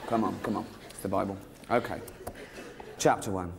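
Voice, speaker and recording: An English man doing a stand-up comedy routine, mock-earnest and halting with ums, then breaking into giddy excitement. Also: fairly low pitch, vocal fry, heavy background noise. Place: live comedy stage.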